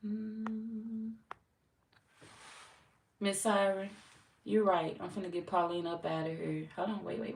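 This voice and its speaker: A young woman hosting a tarot livestream, reading viewer comments aloud and chatting in a relaxed, teasing way with lots of slang and laughter. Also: mid-range voice, takes it slowly, gravelly, pauses often, recorded from a distance. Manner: laid-back, teasing, laughs often, slangy. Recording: roomy echo, off-mic, faint noise.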